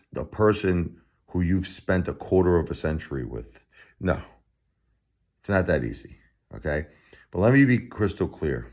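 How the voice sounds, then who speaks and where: A man's voice: a bass voice, a little mellow. A man in his forties from Brooklyn with a Brooklyn accent, talking bluntly and from the heart in a late-night vlog, repeating phrases and laughing wryly. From Brooklyn, New York. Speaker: vlogger.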